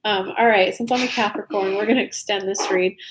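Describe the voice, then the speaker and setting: A woman's voice: mid-range voice, steady tone, fairly quick, background noise. A young woman doing a casual, chatty tarot reading livestream from home, talking loosely and informally to her viewers. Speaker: tarot reader. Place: home room with soft lighting.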